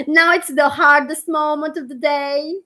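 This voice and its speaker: A woman whose first language is Romanian, a spiritual teacher guiding a group prayer on a livestream, chatty and gentle, laughing often. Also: high-pitched, steady tone, a little slow.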